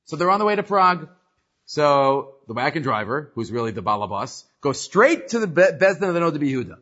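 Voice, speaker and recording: A man's voice: a little high, normal speed. A man teaching a casual religious class, telling stories animatedly and often restarting his sentences. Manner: animated storyteller with frequent restarts. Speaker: Torah teacher. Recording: muffled lo-fi recording.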